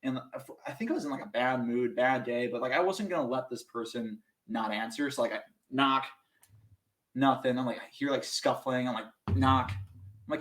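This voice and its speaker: A man's voice: mid-range voice, normal speed. A young man from Minnesota, a podcast guest, telling a story casually and animatedly, acting out voices and saying "like" a lot. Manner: animated, acts out voices in his stories, many "like" fillers.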